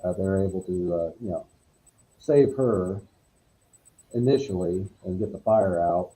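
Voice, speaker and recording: Middle-aged male guest, very deep and dark, halting delivery full of fillers. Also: poor audio. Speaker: podcast guest. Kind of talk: casual storytelling.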